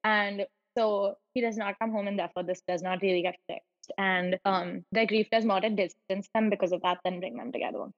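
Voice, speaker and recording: A woman's voice: medium pitch, fairly even intonation, brisk, few pauses, dry recording, in a large hall, dull audio. A woman co-hosting a podcast, chatting casually and animatedly, often digressing. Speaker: podcast co-host. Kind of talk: casual chat.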